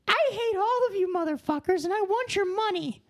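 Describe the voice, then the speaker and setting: A shrill, sky-high cartoon mouse, gleeful and crude. His voice bounces wildly up and down. He is a money-hungry cartoon mascot who cusses at everyone. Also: expressive, moderate pace, a bit bright, full character voice. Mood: greedy. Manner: squeaky falsetto, gleeful and crude. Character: greedy, foul-mouthed cartoon mouse, male. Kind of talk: comic impression on a podcast.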